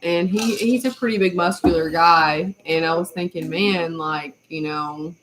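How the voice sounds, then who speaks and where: A woman's voice: fairly low pitch, unhurried, a bit bright, slight background noise, poor audio. A woman co-hosting a casual live stream, plain-spoken and bantering. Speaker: co-host.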